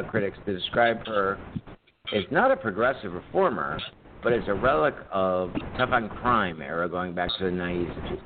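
Man, podcast co-host, casual chat, lively up-and-down voice, profane storyteller, phone-like sound. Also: lowish voice. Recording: tinny phone-like line with faint noise.

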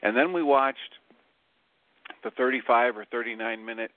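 A man calling in to a radio show and giving a relaxed report on a group meeting, with many fillers. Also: mid-range voice, normal speed, no room sound. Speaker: regular caller, group leader. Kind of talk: casual call-in report. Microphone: phone. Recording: dry phone-line audio.

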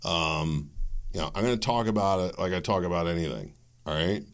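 A man's voice: sits low, brisk. A man hosting his own podcast, ranting through solo political commentary and acting out the people he quotes. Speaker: podcast host.

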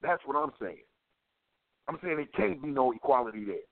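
A man's voice: medium pitch, lively intonation, moderate pace, gravelly, no room sound. A man giving impassioned talk-radio commentary, with a fervent, preacher-like cadence and lots of repetition. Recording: tinny phone-line sound.

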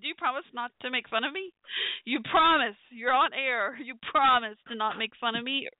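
A woman's voice: sits high, normal speed, no room sound. A woman hosting a call-in talk show, flustered and laughing in embarrassment. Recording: tinny phone-line sound.

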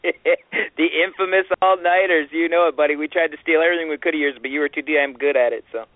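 A chummy male radio co-host asks casual questions with easy laughs. His slightly high voice sounds dry and narrow, like a phone line. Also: very fast, no echo. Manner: chummy, laughing, calls people brother.

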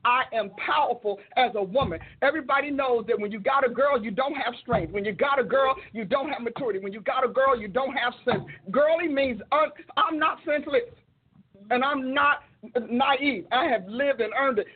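Older woman minister, emphatic repetitive preaching, husky voice, tinny phone-like audio. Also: high voice, normal speed. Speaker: minister and show host. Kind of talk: sermon-like talk.

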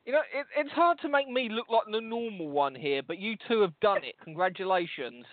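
This podcast co-host, a man from London, speaks in a high, expressive voice at a brisk clip, with no echo. His rambling chatter is full of teasing and swearing, and the audio is dry and tinny like a phone call.

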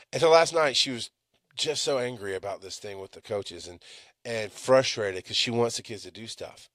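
A middle-aged man hosting a live podcast, ranting with lots of swearing, swinging from loud outbursts to low mutters. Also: no room sound, clean studio sound. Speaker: podcast host.

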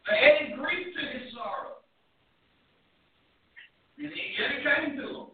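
A man preaching a sermon with impassioned delivery, swinging between shouts and hushed, near-whispered lines. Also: very high-pitched, lively intonation, a little slow, creaky, slight background noise. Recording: echoey distant room, tinny phone-like sound.

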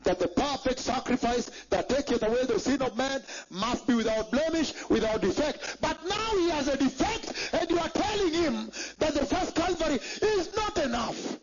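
A man's voice: extremely high pitch, expressive, moderate pace, few pauses, slight background noise. A man preaching a sermon in an emphatic way, repeating phrases and checking that the congregation follows. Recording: dull lo-fi recording.

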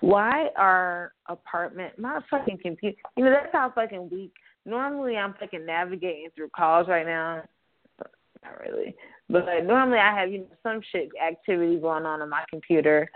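Young woman, call-in show host, casual profane rambling, lively swinging pitch, phone-like tinny sound. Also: moderate pace. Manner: profane, blunt, rambling with laughs. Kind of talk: casual solo talk show. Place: apartment room.

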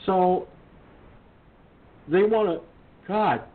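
A man's voice: high-pitched, very slow. A male internet radio host who reads news items aloud and then rants about them, indignant and swearing. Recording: tinny phone-line sound with faint hiss.

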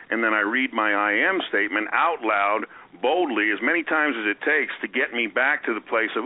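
A man who is a guest on a radio talk show, talking in an animated way and acting out the voices he quotes. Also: fairly low pitch, moderate pace. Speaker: guest speaker. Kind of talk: radio interview. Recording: tinny phone-line radio sound.

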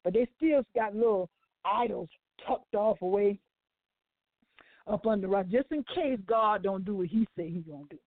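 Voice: medium pitch, moderate pace, no echo. A co-host of a gospel talk show, preaching in an emphatic, rambling way with informal grammar and often repeating words. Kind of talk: preaching-style commentary. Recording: dry, phone-like line.

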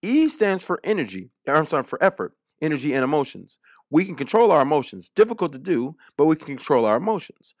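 A man's voice: mid-range voice, no room sound. A man hosting a political talk radio show, speaking in an emphatic, repetitive monologue.

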